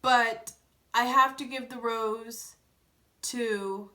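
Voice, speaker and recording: A woman's voice: fairly high pitch, steady tone, takes it slowly, sharp tone. A young woman vlogger giving a casual, blunt recap of a reality TV episode and acting out the scenes in quoted voices.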